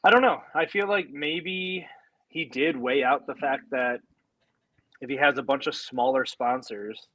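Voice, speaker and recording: A man co-hosting a casual podcast, talking in a relaxed, hesitant way with many fillers. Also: mid-range voice, unhurried. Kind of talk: casual chat.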